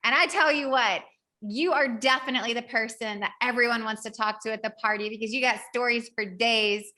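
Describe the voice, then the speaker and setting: A woman's voice: a little high, brisk, pushed and bright. A woman with a Southern US accent hosting a podcast, chatty and upbeat, saying y'all often. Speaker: podcast host. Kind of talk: casual podcast talk and recap.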